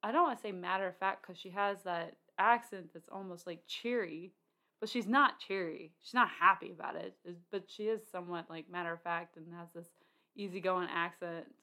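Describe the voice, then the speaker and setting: Chatty woman with a lowish voice. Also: steady tone, moderate pace, bright, forceful tone. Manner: chatty, many fillers and restarts. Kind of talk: casual film discussion.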